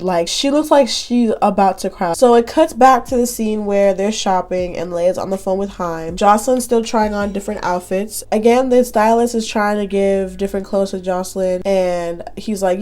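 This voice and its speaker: A woman's voice: mid-range voice, lively intonation, normal speed, few pauses, warm tone. Blunt, slangy woman recapping a show. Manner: blunt, swears freely, laughs at scenes; uses y'all and slang. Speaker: YouTuber. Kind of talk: casual TV episode recap.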